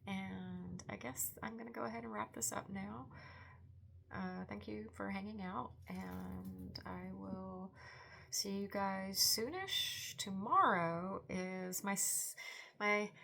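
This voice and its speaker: A woman's voice: medium pitch, gravelly, sharp tone. A woman in her forties hosting a book vlog, chatty and enthusiastic in a rambling, casual way. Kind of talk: casual book review chat.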